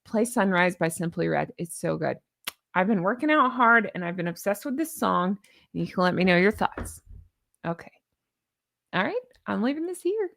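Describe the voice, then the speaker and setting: A woman's voice: medium pitch, expressive, moderate pace, creaky, fairly bright tone. A woman vlogger with a slight Southern American accent, rambling chattily and teasing herself with giggles. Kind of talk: casual chat to camera.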